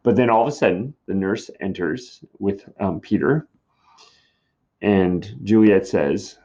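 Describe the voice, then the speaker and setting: A man's voice: fairly low pitch, measured pace, mellow. A man casually explaining a scene from a play to students, chatty and laid-back. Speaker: teacher. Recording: dull lo-fi recording.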